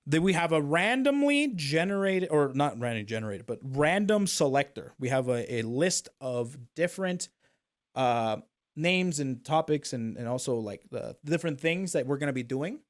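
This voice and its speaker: A man's voice: on the high side, animated, normal speed. A man hosting a casual talk stream, walking his guest through the rules step by step and checking in with "okay?". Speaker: talk show host. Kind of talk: casual chat.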